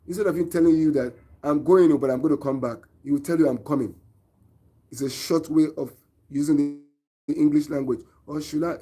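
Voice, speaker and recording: Nigerian guy on his own show, mellow husky voice, preachy and earnest, keeps asking viewers what they think. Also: mid-range voice. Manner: earnest, preachy, asks viewers rhetorical questions. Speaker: online show host. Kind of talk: opinion monologue to viewers.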